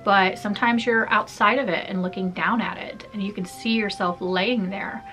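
Bright-voiced woman chatting to camera. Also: mid-range voice, fairly even intonation, moderate pace, faint music behind. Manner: chatty, open, laughs often, many fillers. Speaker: vlogger. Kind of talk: casual personal vlog talk.

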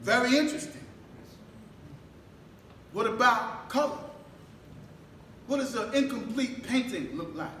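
High-voiced New man preaching in an echoey hall. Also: expressive, unhurried, long pauses. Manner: rhetorical questions, calls for responses, builds to shouts. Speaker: mosque minister. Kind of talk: sermon. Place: mosque hall. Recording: echoey room, distant mic, faint background noise.

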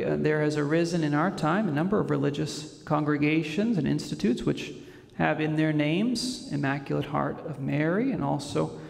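A fairly high-voiced priest gives a homily, measured and reverent, with a gravelly edge. His voice carries the long reverb of a church hall. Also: darkish tone. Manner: measured, reverent delivery with frequent pauses.

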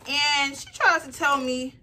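A young woman in a casual home vlog, talking straight to her phone while she packs orders. She tells her story in a chatty, animated way, full of "like", with faint crinkling of mailers and tape behind her. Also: sits high, a little slow, far from the mic, a little hiss or hum. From Nigerian heritage. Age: young adult. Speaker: small business owner vlogger. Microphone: phone camera.

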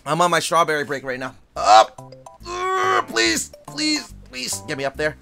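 A streamer plays a brutal climbing game live, cursing, begging and shouting at the character in bursts. The voice swings wildly up and down and has a bright, forceful edge. Faint music sits underneath. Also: medium pitch, wildly swooping pitch, unhurried. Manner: frustrated, swearing, yelling at the game; pleading and coaxing between outbursts. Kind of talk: live gameplay commentary.

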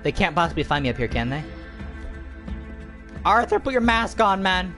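Excitable let's play gamer shrieking. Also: medium pitch, moderate pace, music in the background. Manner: excitable, shrieks and panicked outbursts. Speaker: gaming video host.

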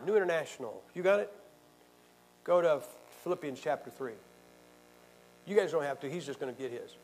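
A man's voice: sits high, rough recording. A male pastor teaching a Bible class, quizzing the audience and jabbing sarcastically at rival views.

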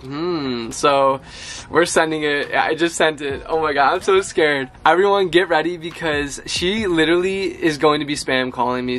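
A young man excitedly talking viewers through a prank in a casual vlog. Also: on the high side. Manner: excitable, chatty, narrating to viewers. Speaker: vlogger. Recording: audible background noise.

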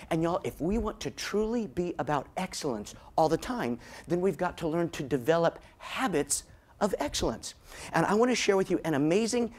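Lively man telling a story. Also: high-pitched. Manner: animated storytelling with dramatic slowdowns. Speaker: motivational speaker. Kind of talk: storytelling keynote talk.

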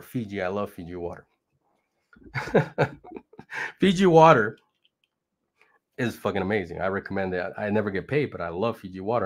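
Middle-aged man, blue-collar crypto vlogger, profane and pushy, casual rant. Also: fairly low pitch. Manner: profane, brash, hype-driven, laughs mid-sentence. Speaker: crypto channel host. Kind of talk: casual motivational rant to camera.

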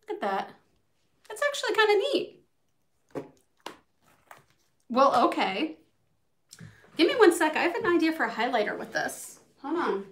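A woman's voice: high-pitched, big pitch swings, normal speed, a little hiss or hum. A young adult woman beauty vlogger chatting casually through a makeup tutorial, bubbly and swearing freely as she talks to her viewers.

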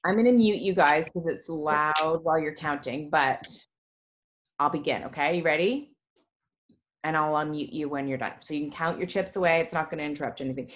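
A woman's voice: deep voice, brisk. A young woman who teaches a reading class online, in an upbeat, chatty and encouraging way over a video call. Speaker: reading tutor. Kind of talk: casual online class talk.

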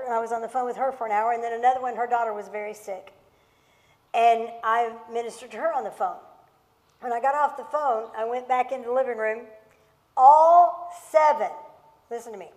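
A middle-aged woman pastor tells a personal story from the pulpit, her fairly high voice rising with emphatic, impassioned repetition. Her words carry a long reverb from a large church hall. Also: darkish tone. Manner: impassioned, emphatic, repeats herself for stress.

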